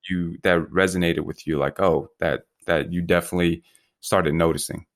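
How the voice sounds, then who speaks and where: A man's voice: low voice, fairly even intonation, moderate pace, no echo, clean studio sound. A man hosting a podcast, asking long, rambling questions in a casual chat. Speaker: podcast host.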